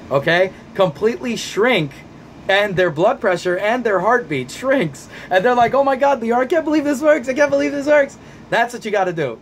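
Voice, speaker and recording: A man with a fairly high voice answers viewer questions in a vlog as an anxiety coach. He is blunt and profane, talks with fired-up emphasis, and often repeats himself to drive a point home. A faint hiss sits under his voice.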